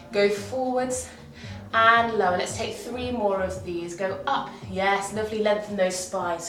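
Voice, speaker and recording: A woman leading a guided workout class, encouraging and counting reps aloud, a little out of breath. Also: medium pitch. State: slightly out of breath. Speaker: fitness instructor. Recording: roomy, from far off, faint music.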